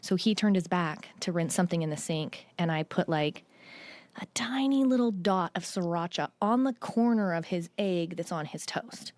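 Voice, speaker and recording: A woman's voice: lowish voice, lively intonation, moderate pace, darkish tone, dry recording. A woman who is a podcast guest, telling funny stories in casual chat and laughing through them.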